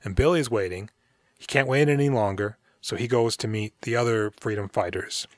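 A podcast co-host with a lowish voice rambles casually through a movie recap at normal speed, swearing freely and acting out the characters' lines. There is no room sound on the recording.

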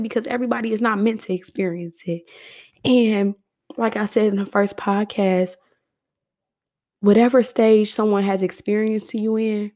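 A woman's voice: mid-range voice, darkish tone. A young adult woman hosting her own podcast, speaking heartfelt and emotional to her listeners, moving into a spoken prayer. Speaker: podcast host.

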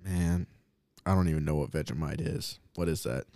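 A man's voice: extremely low pitch, normal speed, mellow. A young man co-hosting a podcast, joking around and ranting with mock outrage. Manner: playful, mock-outraged rants. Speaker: podcast co-host. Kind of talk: casual podcast banter.

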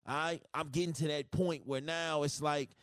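A man's voice: a little high, steady tone, normal speed, a bit bright, no room sound, clean studio sound. A man hosting a solo podcast, ranting in a profane, emphatic, repetitive way with speech. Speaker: podcast host.

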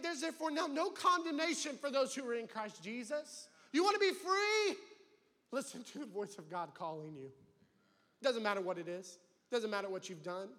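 A man preaching a sermon as campus pastor, swinging between loud calls and hushed pleading. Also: extremely high pitch. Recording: long hall reverb.

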